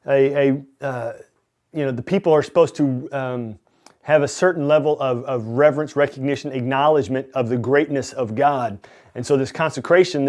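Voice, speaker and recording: A man's voice: medium pitch, a little mellow. A male pastor with a Southern US accent reads Bible passages aloud and explains them in plain, unscripted words, with many ums and restarts. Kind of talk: bible reading and commentary.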